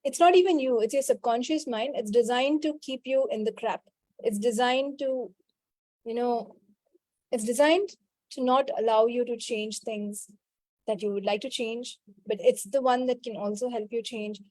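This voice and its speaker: A woman's voice: fairly high pitch, dry recording. Woman leading a healing call. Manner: repeats a rapid clearing chant; answers participants' questions directly, scolding gently. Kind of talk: spiritual coaching call.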